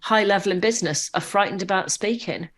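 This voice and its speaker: Woman podcast guest, animated storyteller, loose and conversational, mid-range voice. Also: medium pitch, fairly quick. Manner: animated anecdotes with frequent fillers and restarts.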